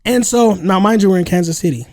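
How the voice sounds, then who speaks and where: Man podcast co-host, higher register, dry booth sound, animated slangy storyteller. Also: fast talker, no room sound. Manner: storytelling, animated, slangy, lots of "like" and "you know". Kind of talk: casual podcast chat.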